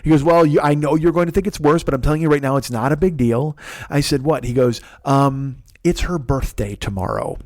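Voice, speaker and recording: This podcast host, a man in his forties, has a fairly high, darkish voice and talks a little fast. The recording is dry and close-miked as he spins a meandering, foul-mouthed comic tale at his own expense.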